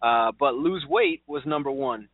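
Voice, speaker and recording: A man's voice: mid-range voice, measured pace, dry recording. A man hosting a casual talk show, chatty and upbeat. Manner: chatty, upbeat, many fillers and restarts. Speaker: show host. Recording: dry, tinny phone-like line.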